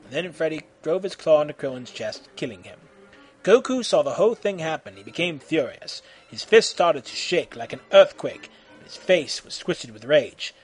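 A man reads an action story aloud with lively, swinging intonation, his voice sitting a little high. Faint music plays beneath the narration. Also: moderate pace, husky. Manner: animated, acting out shouted voices. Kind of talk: reading a fan fiction story aloud.

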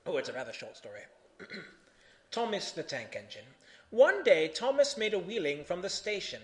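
Lively, bright-voiced man reading comedy aloud. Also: high voice, moderate pace. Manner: theatrical, bursts into loud shouted voices. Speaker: host reading fan fiction aloud. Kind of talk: comic live reading to an audience.

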